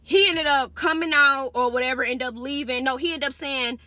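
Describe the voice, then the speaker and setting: A woman's voice: sits high, moderate pace, hardly any pauses, bright, forceful tone, no room sound. A young woman hairstylist telling a casual storytime straight to her viewers, blunt and profane.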